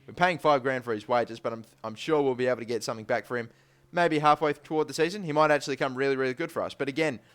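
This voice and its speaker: Young guy talking fast over a football game, rambly, keeps saying but still, hypes up the big plays. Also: mid-range voice. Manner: rambling, repeats "but still" and "to be completely honest"; gets excited calling match action. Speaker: gaming YouTuber. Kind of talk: casual let's-play commentary.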